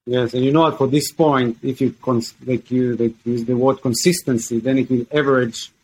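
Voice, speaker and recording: Halting man hosting a podcast. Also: medium pitch, steady tone, darkish tone, rough recording. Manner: hesitant, many fillers and restarts, searching for words. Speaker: podcast host. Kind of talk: casual podcast chat.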